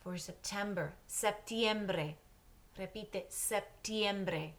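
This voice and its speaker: A woman teaching Spanish to children, patiently saying words and pausing for her class to repeat them, mixing English and Spanish. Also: medium pitch. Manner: patient, pauses for repetition. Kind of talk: slow drill lesson for children.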